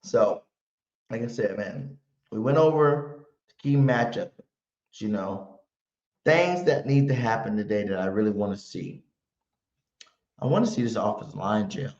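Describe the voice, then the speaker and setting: A man's voice: lowish voice, measured pace, pauses often, a little mellow. A man hosting a live fan pregame stream, talking brash, slangy trash with heavy emphasis. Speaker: sports stream host. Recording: roomy, muffled home stream audio.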